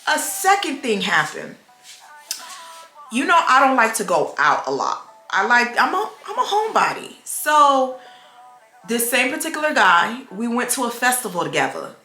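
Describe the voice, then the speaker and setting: A woman's voice: a little high, normal speed, soft background music. A young adult woman, chatting casually on her vlog and acting out the people in her stories. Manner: animated storytelling, acts out quoted voices. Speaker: vlogger. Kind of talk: casual chat. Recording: echoey room.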